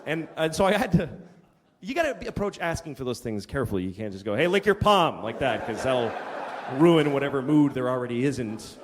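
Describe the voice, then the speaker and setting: Middle-aged male stand-up, exasperated profane storyteller; animated delivery, live hall recording with audience laughter and background noise. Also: mid-range voice, a little fast. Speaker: stand-up comedian. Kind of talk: stand-up routine. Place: live comedy venue with audience.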